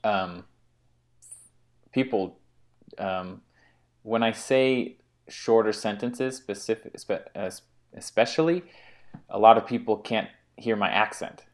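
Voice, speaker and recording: An American man co-hosting a casual chat, talking in a halting way as he searches for his words. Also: fairly low pitch. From United States. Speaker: co-host.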